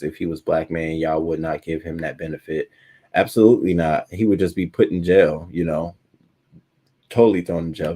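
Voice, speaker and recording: A man's voice: low voice, warm tone, breathy edge. A man hosting a casual live-stream news show, talking bluntly with plenty of profanity and reading viewer comments aloud.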